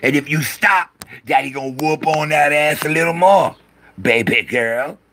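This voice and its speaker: A man putting on the voice of an abusive father, threatening in a slow, mocking drawl. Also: a little high, sharp tone, slight background noise, pitched above the performer's own voice. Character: harsh, abusive middle-aged father.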